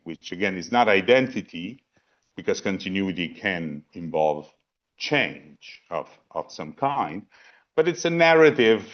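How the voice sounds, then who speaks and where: A man giving a philosophy talk on a video call, thinking aloud with repeated words and asides. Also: low voice. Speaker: panel presenter. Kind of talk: philosophy talk in a virtual program. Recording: dull lo-fi video call audio.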